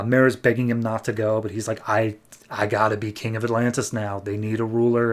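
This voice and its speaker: A man hosting a comic book podcast, casually recapping and reviewing an issue with animated quoted lines. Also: lowish voice. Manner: animated retelling with quick quoted voices.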